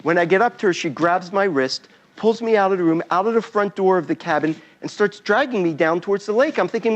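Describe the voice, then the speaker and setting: A man's voice: high voice, fairly quick, hardly any pauses, dull audio. A man giving a talk as a storyteller, acting out scenes and sounds as he goes. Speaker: invited speaker.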